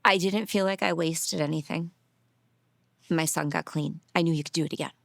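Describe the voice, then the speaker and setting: A middle-aged mother speaks in a documentary interview, her low voice carrying a gravelly edge. She sounds earnest and emotional and sometimes sinks to a soft near-whisper. The sound is dry, close and without room echo. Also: fairly even intonation, moderate pace. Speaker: grieving mother.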